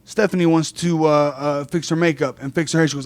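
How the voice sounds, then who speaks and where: A man guesting on a podcast in casual chat, excitable, repeating himself and stumbling over the starts of his sentences. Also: fairly high pitch, fairly quick, no room sound.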